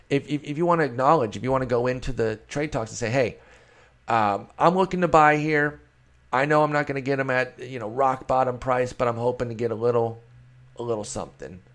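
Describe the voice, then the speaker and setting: A man's voice: medium pitch, a little fast. A man hosting a solo fantasy baseball show, talking casually and rambling in a self-deprecating way. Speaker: fantasy baseball podcast host.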